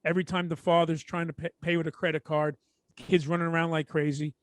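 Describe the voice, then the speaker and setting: A middle-aged man with a New York accent, co-hosting a podcast and telling a story in a casual, animated way. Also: a little high, fast. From Brooklyn, New York. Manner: animated storyteller, mimics people in quotes. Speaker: podcast co-host.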